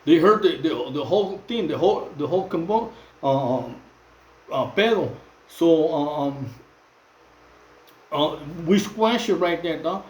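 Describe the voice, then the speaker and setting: Middle-aged Mexican man, fairly high voice, halting slang-heavy phone monologue. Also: lively intonation, darkish tone, reverberant, poor audio. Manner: repetitive, many fillers and restarts, street slang. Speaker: channel host. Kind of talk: casual monologue to camera.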